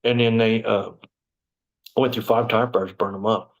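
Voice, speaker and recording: A lowish-voiced man, telling his story in an interview. He talks bluntly and swears freely, breaking into loud outbursts when he quotes himself. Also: steady tone, moderate pace, creaky, dull audio. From Texas, USA. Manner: blunt and profane, bursts out when quoting himself. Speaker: interview guest. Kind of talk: storytelling in conversation.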